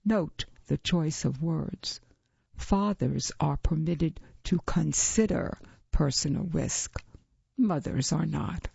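Woman reading a sci-fi short, slow and gravelly, dull muffled recording. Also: deep voice, no echo. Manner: slow, even storytelling. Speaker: narrator. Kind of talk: audiobook reading.

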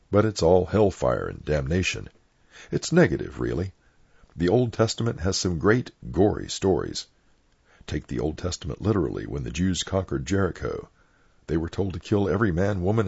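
A deep, gravelly older man tells frank, opinionated stories from his parish days, his pitch swinging widely as he goes. His voice is husky. It sits on a dull, lo-fi oral history recording. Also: a little mellow. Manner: blunt, opinionated storyteller.

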